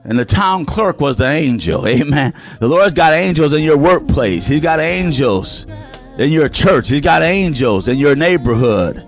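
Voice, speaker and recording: A man with a Southern US accent, a pastor delivering a radio sermon in an animated, sing-song preaching cadence. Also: a little high, measured pace, soft background music.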